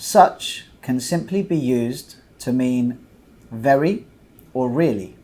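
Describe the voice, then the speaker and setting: A man teaching an English grammar lesson, explaining points slowly and patiently, with many example sentences. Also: mid-range voice, expressive, warm tone.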